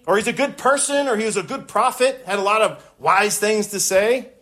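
A man's voice: high-pitched, normal speed, pushed and bright. A man preaching a sermon, emphatic and impassioned, repeating words for stress and swelling when he quotes scripture. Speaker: pastor.

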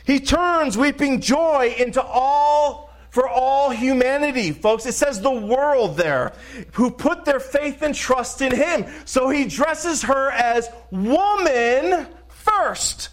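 A man's voice: very high-pitched, expressive, slow pace. A middle-aged man preaching a sermon as pastor, emphatic, repeating phrases and calling out to the congregation.

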